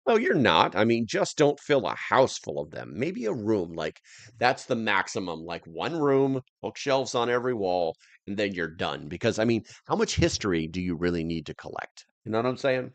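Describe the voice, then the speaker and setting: A man's voice: fairly low pitch, sing-song, normal speed, no echo. An American man hosting a casual livestream, rambling loosely and reading viewer comments aloud. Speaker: livestream host.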